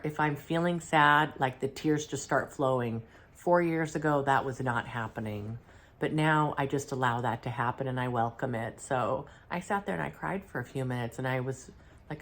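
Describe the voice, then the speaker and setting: A middle-aged woman, unwell, calmly recounting a spiritual channeling session in a halting, reflective way, clearing her throat now and then. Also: sits low, slight background noise. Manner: halting and reflective, with many fillers and restarts. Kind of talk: casual first-person account.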